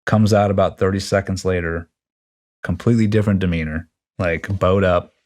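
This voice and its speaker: Middle-aged male guest with a very low voice, casual storyteller, blunt and a bit profane. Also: fairly quick. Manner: animated, acts out quoted dialogue. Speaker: podcast guest.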